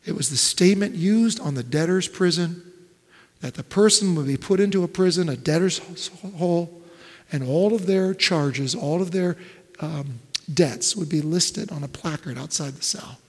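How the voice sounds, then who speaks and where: A male pastor preaching a sermon, swinging between loud, emphatic build-ups and hushed, almost whispered lines. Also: a little high, normal speed. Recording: long reverb of a large hall.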